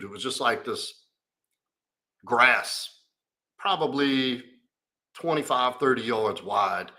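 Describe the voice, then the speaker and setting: A man's voice: medium pitch, bright, forceful tone. Profane man telling his story. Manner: candid, profane, rambling storytelling. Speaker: coach. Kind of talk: live Q&A storytelling.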